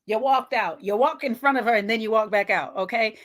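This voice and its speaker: A woman hosting a casual reality-show recap, ranting and animated, with slang-filled conversational talk. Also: fairly high pitch, fairly quick. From not Jamaican, Belizean family ties.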